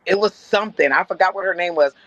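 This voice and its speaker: Guesting on a podcast, a woman comedian from Compton, California, spins casual stories that are blunt and profane, her voice leaping high and loud whenever she acts out quotes. She talks fast, and the audio is lo-fi with no room sound.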